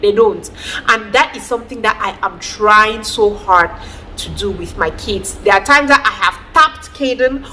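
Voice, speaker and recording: A woman, chatting in an emphatic, animated way as a vlogger giving advice. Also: mid-range voice, measured pace, a little hiss or hum, low-quality recording. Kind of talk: casual advice vlog.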